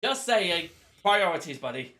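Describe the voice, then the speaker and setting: Podcast co-host, high and bright voice, emphatic and sweary. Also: male voice, very animated, a little slow, slight background noise. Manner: blunt, emphatic, swears for effect. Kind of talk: casual chat.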